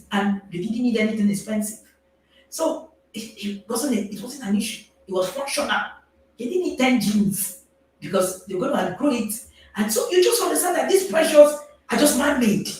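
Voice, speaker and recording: A woman with a Nigerian accent, a parenting coach speaking to a live audience in an animated way, often laughing and checking in with listeners. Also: on the high side, a little hiss or hum. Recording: very echoey, distant mic.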